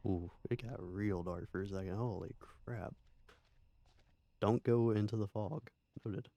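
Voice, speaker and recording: A man's voice: lowish voice, normal speed, dark tone, dry recording, dull audio. A man streaming a horror game, commenting casually with wry jokes. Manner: joking, wry, laughs often.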